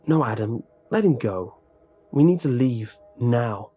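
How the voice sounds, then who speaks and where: A man's voice: medium pitch, expressive, a little slow, mellow, breathy edge, soft background music. A man voicing a panicked teenage boy who takes charge and gives orders. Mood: urgent. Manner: urgent, commanding. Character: panicked teenage boy Jeremy, bossy leader.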